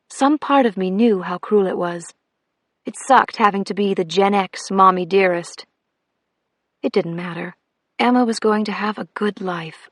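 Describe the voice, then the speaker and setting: A woman narrating a first-person audiobook with measured, wry storytelling. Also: medium pitch, no room sound, studio quality.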